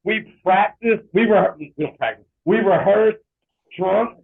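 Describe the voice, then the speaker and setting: High-voiced joking man on a tinny line. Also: a little slow, vocal fry, breathy edge. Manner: laid-back, joking. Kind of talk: casual chat.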